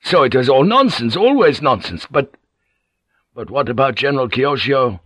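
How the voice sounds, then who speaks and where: A man's voice: mid-range voice, lively intonation, moderate pace, slightly rough, no room sound, pitched above the performer's own voice. A man voicing a loyal, blunt old samurai general in an audiobook, eager and deferential. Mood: earnest. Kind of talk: audiobook character voice.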